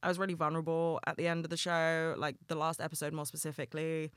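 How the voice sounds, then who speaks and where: Candid young man, bright and crisp. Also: fairly high pitch, flat delivery, fast talker, no echo, clean studio sound. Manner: candid, earnest, swears casually. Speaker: podcast host. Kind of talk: solo podcast monologue.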